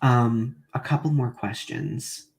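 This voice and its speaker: A young adult man hosting a live podcast in casual chat, talking haltingly with many restarts. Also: mid-range voice, gravelly. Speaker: podcast host.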